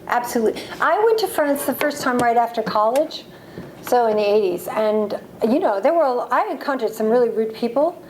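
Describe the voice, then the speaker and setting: A woman in her forties from the United States, an author answering audience questions with lively, laughing stories. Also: a little high, moderate pace, background noise. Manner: lively storytelling, laughs often. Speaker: author at a library talk. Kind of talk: reading and audience Q&A. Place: library event room.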